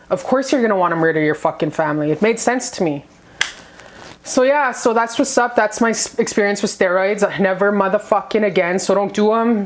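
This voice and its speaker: Lowish-voiced young woman, candid vlog, blunt, cursing often. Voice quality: frequent swearing, blunt and candid. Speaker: vlogger.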